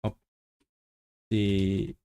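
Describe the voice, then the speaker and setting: A man's voice: on the low side, completely flat delivery, extremely slow, dark tone, clear, resonant tone. A man hosting a casual livestream, reading viewer comments and sounding out foreign words with many restarts and repeated words. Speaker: livestream host.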